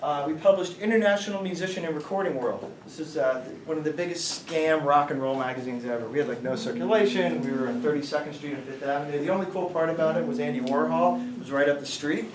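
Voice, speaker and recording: A man's voice: fairly high pitch, quick pace, hardly any pauses, crowd noise. Rambling middle-aged man lecturing in an echoey room. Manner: rambling storyteller, quizzes the audience. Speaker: guest speaker, company founder. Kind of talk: informal lecture to students. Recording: roomy, distant mic, faint noise.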